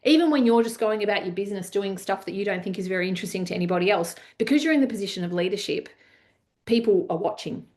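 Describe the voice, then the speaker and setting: A woman's voice: medium pitch, fast. Chatty woman leadership coach. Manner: chatty, many fillers, animated retelling. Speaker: leadership coach presenting a masterclass. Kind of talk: webinar talk with anecdotes.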